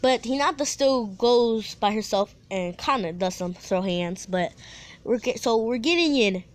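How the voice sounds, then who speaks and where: A woman with a slightly high voice casually tells a fan-fiction story to her viewers. She rambles, restarts her sentences often, and drops playful asides as she goes. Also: lively intonation, measured pace.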